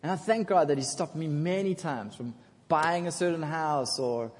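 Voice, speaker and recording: A male pastor with a fairly high voice tells a scripture story in a loose, joking way, breaking off to ask the congregation to answer. His voice carries a long reverb from a church hall. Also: moderate pace. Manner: casual, jokey storytelling, asks congregation for responses. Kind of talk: sermon.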